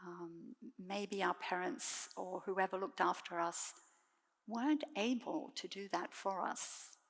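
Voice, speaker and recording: A woman giving a dharma talk as a Buddhist nun, speaking gently and softly with measured pauses. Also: fairly low pitch, creaky, in a large hall.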